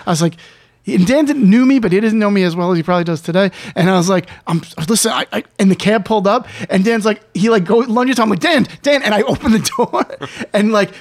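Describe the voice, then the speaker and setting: A man telling a story in casual chat, animated, acting out the lines of the people he quotes. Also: high voice, quick pace. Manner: animated anecdote, acts out quotes. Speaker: guest storyteller.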